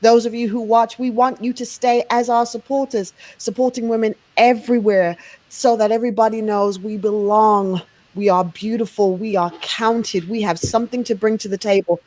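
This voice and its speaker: A woman's voice: medium pitch, fairly even intonation, moderate pace, a little mellow. A woman hosting a casual talk show, encouraging her guests and repeating phrases for emphasis. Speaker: host.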